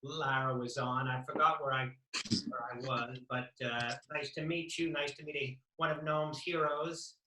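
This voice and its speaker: A man's voice: medium pitch, steady tone, normal speed, bright, forceful tone, far from the mic. A man on a talk panel, making dry, offhand remarks. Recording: echoey room.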